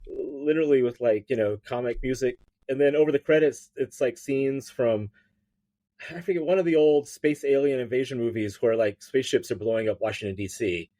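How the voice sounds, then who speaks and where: A man's voice: mid-range voice, brisk, mellow. A man, a writer guest on a podcast, telling a story in casual chat, rambling with fillers and restarts.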